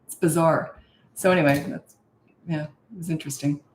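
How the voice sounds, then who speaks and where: A woman's voice: low voice, fairly even intonation, normal speed, a little hiss or hum. An older woman, a parenting coach, chatting casually as she hosts a live stream, greeting viewers and laughing often. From Canada and Australia. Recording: roomy echo.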